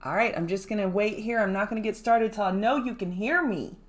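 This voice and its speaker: Woman host, trading livestream; casual, chatty, greets viewers by name, medium pitch. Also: brisk. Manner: explains market moves conversationally. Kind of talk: casual live-stream chat.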